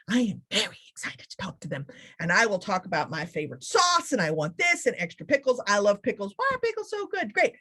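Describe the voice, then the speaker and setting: Woman keynote speaker, sarcastic and funny, animated motivational talk. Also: medium pitch.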